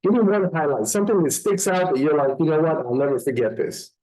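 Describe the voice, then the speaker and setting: A man hosting a casual podcast conversation, an animated storyteller telling umpire stories. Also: quick pace, poor audio. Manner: animated storyteller, voices get higher when quoting people. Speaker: podcast host.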